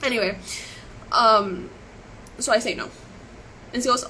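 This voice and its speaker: A fairly high-pitched woman talks briskly with lively intonation and long pauses, her tone pushed and bright. Upset and emotional, she recounts events on a live stream from a webcam or phone, rambling and restarting her sentences. The audio is poor, with a little hiss or hum.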